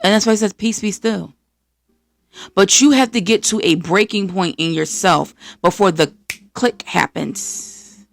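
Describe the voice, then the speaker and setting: An American woman from the East Coast hosting a podcast, giving an energetic, preachy faith-based motivational talk and acting out voices of the people she quotes. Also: mid-range voice, moderate pace, gravelly, no echo, soft background music. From East Coast of the United States. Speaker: podcast host.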